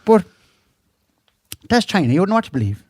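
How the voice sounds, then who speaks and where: Comic character, played by a man: profane Irish countryman spinning yarns, animated pitch. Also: brisk, dry recording, studio quality. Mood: chatty. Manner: rambling, profane, laughs at his own jokes. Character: crude rambling rural Irish man gossiping news. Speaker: comic news presenter. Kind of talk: comedy monologue.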